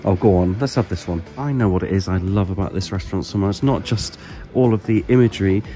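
A man's voice: deep voice, fast, dark tone, soft background music. A man hosting a casual travel vlog, chatty and enthusiastic, often dropping to a whisper. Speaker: travel vlogger. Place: walking outdoors and aboard a moored ship.

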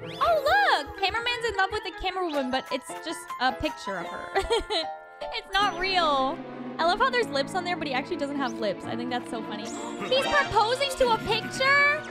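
A young woman reacts to a video in a very high, bouncy voice, exclaiming and gasping between her comments. Her pitch leaps all over the place, and loud music plays behind her throughout. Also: big pitch swings, normal speed. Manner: exclaims, gasps and laughs often.

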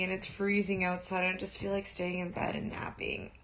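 Young woman livestreaming, chatty and loose, kinda low voice, answers comments, swears a bit. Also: completely flat delivery, moderate pace, few pauses, a bit bright. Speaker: livestream host. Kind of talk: casual livestream chat.

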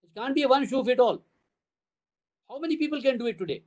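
An older man with an Indian English accent addresses a room of parents, his voice pitched high. He talks emphatically, listing ideas in repeated phrases and throwing out rhetorical questions. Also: animated, quick pace, a little mellow, lo-fi sound. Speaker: school trust CEO addressing parents. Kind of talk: town hall address.

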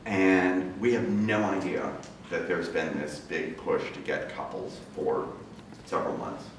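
A man's voice: low voice, fairly even intonation, unhurried. A man giving a talk to an audience, telling his story in a casual, conversational way and acting out the voices of people he quotes. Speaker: guest speaker. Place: large campus lecture room. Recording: very echoey room, speaker far from mic, faint noise.

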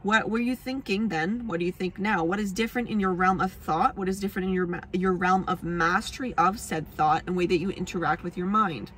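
A woman's voice: on the low side, a little fast, few pauses, fairly bright tone, a little hiss or hum. A young woman casually explaining astrology to camera, rambling, laughing often, swearing freely and poking fun at herself. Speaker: astrology vlogger.

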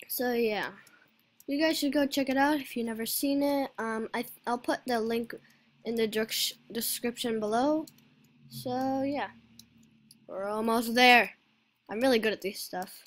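Rambling high-voiced woman gaming. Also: moderate pace. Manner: rambling, forgetful, filler-heavy. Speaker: channel host, gamer. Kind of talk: casual gameplay commentary.

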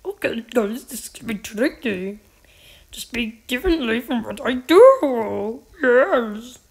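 A woman narrates her shooter gameplay with a high, gravelly voice. She pushes it into a strained, put-on sound and stretches every phrase out very slowly, repeating herself as she goes. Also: lively intonation, rough recording. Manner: deliberately strained, odd put-on voice; drawn-out, repetitive. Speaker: gaming channel host. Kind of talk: gameplay commentary.

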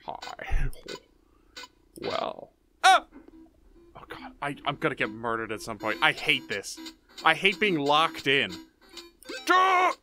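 A man's voice: medium pitch, lively intonation, measured pace, pushed and bright, soft background music. A young man giving goofy, jumpy commentary while playing a horror game, muttering to himself and then yelping. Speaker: gaming YouTuber.

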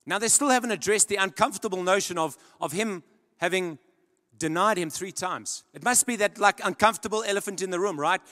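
Guy preaching in a church, high-ish voice, goes quiet then punchy, long echo. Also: brisk. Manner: earnest storytelling, swings from loud emphasis to hushed. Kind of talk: sermon. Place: large church hall. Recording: long church-hall reverb.

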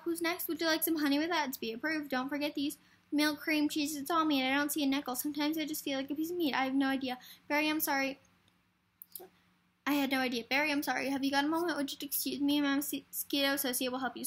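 High-voiced woman rushing through a script. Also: fairly bright tone. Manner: hurried reading with stumbles and restarts. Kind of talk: reading a film script aloud for a variety show.

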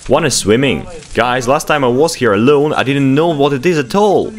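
Excitable man with a lively, swinging pitch. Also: moderate pace. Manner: exclamatory, urgent, bossy when hurrying others. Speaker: vlog host exploring. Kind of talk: excited running commentary while exploring. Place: abandoned underground laboratory, indoors.

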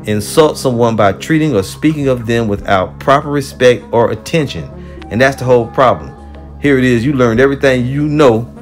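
Angry male religious teacher, mid-pitched, rebuking with constant swearing, soft music under him. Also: moderate pace. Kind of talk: heated profane sermon.

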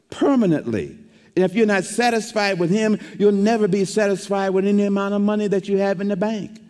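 High-voiced male pastor in echoing church. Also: warm tone. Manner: emphatic preaching, repeats words while building points. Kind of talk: sermon. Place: church sanctuary. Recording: long reverb of a church hall.

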